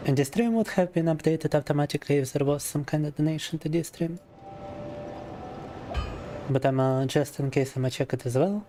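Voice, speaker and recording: A man's voice: fairly high pitch, brisk, long pauses, background noise. A man streaming live who is ill and worn out, chatting in a weary, sardonic way with crude jokes. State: ill and tired. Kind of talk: casual livestream chat. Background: music.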